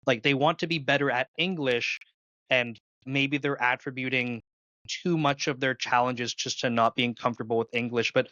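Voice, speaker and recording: A man's voice: medium pitch, steady tone, normal speed, sharp tone, no echo. Easygoing Canadian man hosting, dull dry mic. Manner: easygoing, thinks aloud with restarts. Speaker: podcast host. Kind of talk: casual interview conversation.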